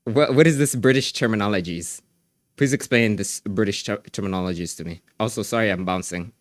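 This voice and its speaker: A man's voice: lowish voice, brisk, no room sound, studio quality. A young man streaming live, chatting casually in a rambling, slangy way with lots of restarts.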